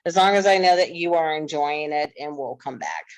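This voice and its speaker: A woman's voice: sits low, normal speed, no echo, rough recording. A woman telling stories in a casual, earnest podcast chat. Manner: earnest, animated storytelling.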